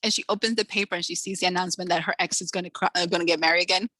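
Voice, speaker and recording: Bright, animated woman telling stories. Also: on the low side, very fast, no echo, rough recording. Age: 40s. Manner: animated storyteller acting out quotes. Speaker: author, guest. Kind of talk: casual interview chat.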